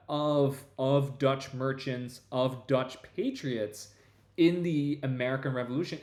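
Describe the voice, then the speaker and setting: A male history professor talks through a long explanation. He speaks at a middle pitch, restarts his sentences often and tags points with quick asides. His voice carries a noticeable room echo. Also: darkish tone. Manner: discursive, many restarts and "right?" tags. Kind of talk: conversational lecture-style explanation.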